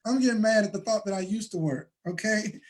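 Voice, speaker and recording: A man hosting a motivational money talk, preaching and building to shouts. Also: high voice, fairly quick. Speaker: host.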